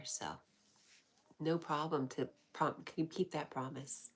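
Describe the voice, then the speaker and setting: A woman hosting a livestream, reading out chat messages and answering them in an affectionate, soft-spoken way that often slips into a whisper. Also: low voice, fairly even intonation, slow pace, husky. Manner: warm, affectionate replies with frequent laughs. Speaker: livestream host.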